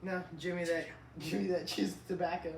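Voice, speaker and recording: A man's voice: sits high, fairly even intonation, moderate pace. A young man co-hosting a podcast, putting dry, teasing questions to his father. He sits back from the mic, so his voice sounds distant and echoey. Faint noise runs underneath. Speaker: podcast co-host, son. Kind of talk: casual chat.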